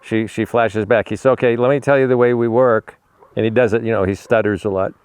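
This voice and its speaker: Rambling man with a smooth voice. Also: on the low side, fairly even intonation, brisk, a little mellow, no room sound. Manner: rambling, repeats and restarts words; talks fondly to a dog. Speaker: animal rescuer. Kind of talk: casual storytelling while feeding a dog.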